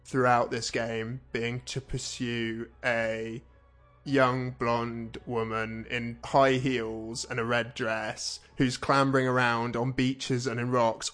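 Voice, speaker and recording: A man's voice: mid-range voice, a bit bright. A man co-hosting a casual chat, blunt and opinionated, swearing casually. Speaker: podcast co-host.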